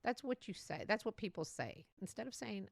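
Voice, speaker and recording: Woman, podcast host, casual solo talk, very lively pitch, chatty, laughs a lot. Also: fairly quick, vocal fry, no echo. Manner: chatty and animated, often laughing and acting out quotes.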